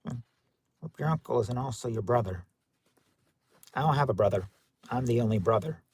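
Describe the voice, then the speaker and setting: A man's voice: medium pitch, lively intonation, moderate pace, a little mellow, slight background noise. A man from Kentucky with a Southern accent, hosting a casual livestream outdoors and reading viewer chat aloud with lots of restarts. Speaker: livestream host.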